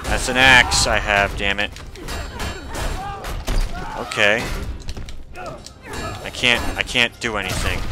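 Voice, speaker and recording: A man giving casual gameplay commentary, excitable, swearing and shouting at the game as he plays. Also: lowish voice, background noise. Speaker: video game player. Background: game music.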